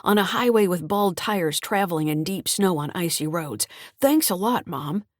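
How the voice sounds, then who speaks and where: A sulky, sarcastic grown child with a grudge in a mystery audiobook, as a woman narrator voices the part. The tone runs low and dry, close to the mic. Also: lively intonation, normal speed, dry recording. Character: sullen, bitter grown child. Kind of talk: audiobook character reading.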